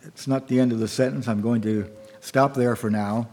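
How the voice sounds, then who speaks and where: A man preaching an evening sermon and reading scripture aloud, in a halting way with fillers and repeated words. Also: medium pitch, fairly even intonation, a little mellow.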